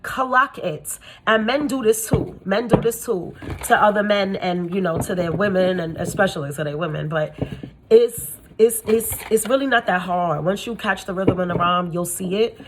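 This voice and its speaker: A young adult woman who works as a spiritual reader gives blunt advice full of profanity and slang in a casual monologue, speaking at a moderate pace against a noisy background. When quoting people, she imitates them in a high, gushing voice.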